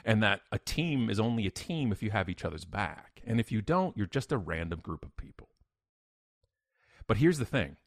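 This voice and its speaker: A man, a podcast guest, telling a story in an emphatic, energetic way with sudden loud bursts. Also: on the low side, moderate pace, no room sound, clean studio sound. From Canada. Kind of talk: animated storytelling in an interview.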